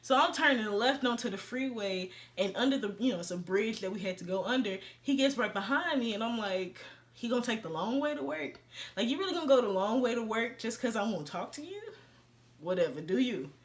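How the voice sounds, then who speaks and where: A young woman tells a story in casual vlog style, her voice sitting a little high. She speaks, mixes in plenty of slang and jumps into the voices of the people in her tale. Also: a little fast. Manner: animated, slangy, acts out quoted dialogue. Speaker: vlogger.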